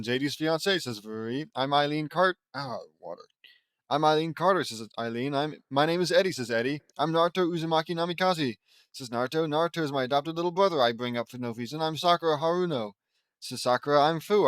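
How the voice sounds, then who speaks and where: A man with a voice on the high side and a fairly bright tone reads his own fan fiction aloud like a casual audiobook, recorded with no echo on a close home mic. Between lines he breaks off for joking, sarcastic asides.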